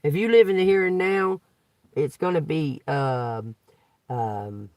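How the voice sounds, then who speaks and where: A man with a slightly high, somewhat mellow voice speaks slowly, with no room sound at all. As a tarot reader on a livestream, he reads scripture, riffs on it casually, and repeatedly asks "okay?" His preaching is emphatic, laced with swearing and laughter.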